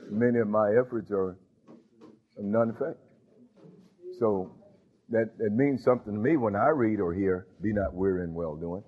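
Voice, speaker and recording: Man preaching over tinny phone-like audio. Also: lowish voice. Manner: halting, many fillers, rising to emphatic. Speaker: pastor. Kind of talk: sermon.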